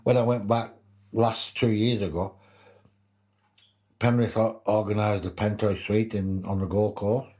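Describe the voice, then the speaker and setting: A man's voice: fairly low pitch, level tone, measured pace, pauses often, darkish tone. An older man with a Wigan accent telling anecdotes as a podcast guest, laughing through his stories. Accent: Wigan, Lancashire. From England. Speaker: guest, former rugby league player. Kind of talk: casual storytelling in interview.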